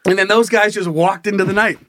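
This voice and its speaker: A man's voice: sits high, steady tone, brisk, a bit bright, no room sound. A man in casual chat, telling a story with lots of swearing and laughter.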